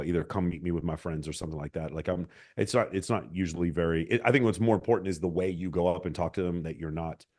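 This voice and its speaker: A man's voice: low-pitched, darkish tone. A man, a dating coach on a panel, talking casually with many fillers and restarts. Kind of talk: panel discussion.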